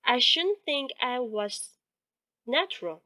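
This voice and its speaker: A woman reading aloud and voicing a frank, chatty young American woman in a higher voice. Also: slow, full character voice. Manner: lively, raised bright pitch.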